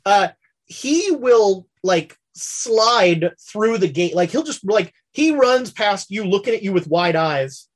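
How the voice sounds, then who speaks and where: A woman narrating a tabletop western role-play as game master, halting and full of fillers. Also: mid-range voice, lively intonation.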